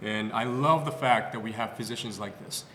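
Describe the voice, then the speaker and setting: Speaking a bit low and fairly quickly, a male physical therapist animatedly shares patient stories on a clinic podcast, peppering them with fillers and restarts. The room gives a long, echoing reverb, and there's a little hiss or hum.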